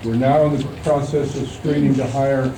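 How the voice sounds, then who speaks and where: A man serving as governor, answering reporters' questions firmly and haltingly at a press conference in a press room. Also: mid-range voice, steady tone. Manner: firm, halting with restarts. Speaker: state governor. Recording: echoey, distant, noisy archive tape.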